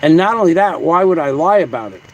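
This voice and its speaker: A man chats on a casual live stream, voice a touch high for a man. He rambles and argues back at viewers. A faint hiss sits under his voice. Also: animated, quick pace, low-quality recording. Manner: rambling, combative, reads comments aloud with mock voices. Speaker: livestream host. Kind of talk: casual livestream chat reading comments.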